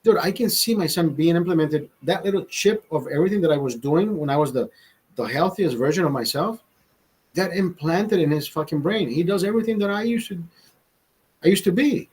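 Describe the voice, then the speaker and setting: A man's voice: fairly high pitch, animated, fairly quick, darkish tone, slightly rough, rough recording. A young man telling a rambling, profane story in casual chat, with many restarts. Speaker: vlogger host.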